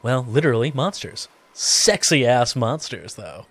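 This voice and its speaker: A man's voice: mid-range voice, very animated, normal speed, faint music behind. A man playing a dating sim as a gaming creator, reading the text aloud with playful, theatrical commentary. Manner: playful, theatrical, laughs often. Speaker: gaming YouTuber.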